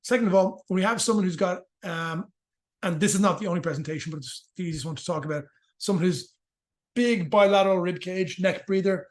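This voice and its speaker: A man with a high voice talks fast and swears freely, offering joking explanations as a guest in a casual interview. He works as a movement and rehabilitation practitioner.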